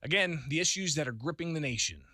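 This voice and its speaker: A man's voice: fairly high pitch, expressive, fast, pushed and bright, no room sound, studio quality. A man hosting a call-in radio talk show, chatty and laughing often, with lots of fillers. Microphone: studio microphone.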